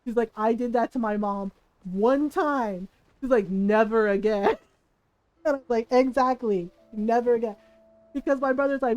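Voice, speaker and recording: A woman streamer chatting casually while gaming, an animated storyteller who swears freely and laughs often. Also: sits high, normal speed, no echo, low-quality recording. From Filipino family. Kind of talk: casual live-stream chat.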